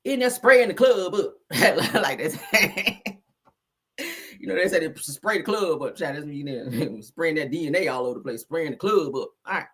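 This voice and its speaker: A woman hosting a live-stream, giving casual gossip commentary with profane, animated talk and frequent laughter. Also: low voice, normal speed, breathy edge.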